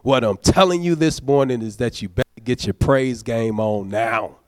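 Preaching in a folksy, conversational way, a deacon urges his congregation on and keeps prodding them for amens. He speaks at a normal speed in a medium-pitched voice, recorded at studio quality without room sound.

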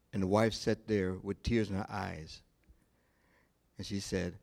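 Low-voiced male pastor preaching slowly. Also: little pitch movement, vocal fry, darkish tone. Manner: storytelling, slow and deliberate with pauses. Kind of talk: sermon.

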